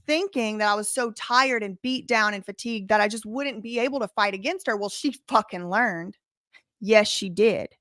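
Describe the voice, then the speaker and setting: A woman's voice: fairly high pitch, fairly bright tone, no room sound, clean studio sound. A woman hosting a live reaction stream, talking in an emphatic, profane and defiant way.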